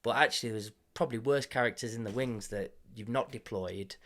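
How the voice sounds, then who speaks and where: A man's voice: mid-range voice, brisk, fairly bright tone. A man hosting a podcast in casual, earnest conversation, often laughing and openly emotional. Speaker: podcast host.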